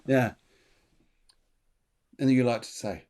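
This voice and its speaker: A man's voice: medium pitch, steady tone, a little slow, warm tone. Chatty man giving a reading. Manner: chatty, repetitive, laughs often. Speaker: medium, show host. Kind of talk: live spiritual reading.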